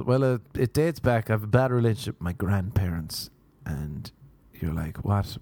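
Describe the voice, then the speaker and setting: A man's voice: fairly low pitch, a little mellow, no room sound. A young Irish man doing a rambling, sardonic stand-up comedy routine. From Ireland. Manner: rambling, sardonic observational storytelling.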